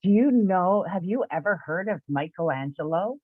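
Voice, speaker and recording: A woman's voice: on the low side, expressive, normal speed, no echo, phone-quality sound. A woman voicing a cheerful, giggly, mysterious little old lady with a sing-song manner.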